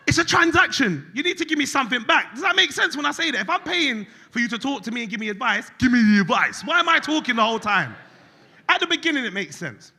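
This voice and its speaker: A man, performing a stand-up comedy set on stage, animated and switching between loud outbursts and quiet acted-out dialogue. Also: very high-pitched, brisk, husky. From England. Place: concert hall stage before a live audience.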